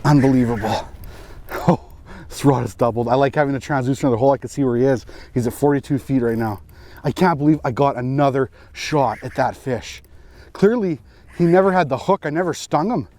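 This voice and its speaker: A man's voice: medium pitch, a little fast, darkish tone, no room sound. Man giving exclamatory fishing commentary. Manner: exclamatory, repeats short phrases. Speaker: fishing vlogger. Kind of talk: live outdoor fishing commentary. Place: outdoors on a frozen lake.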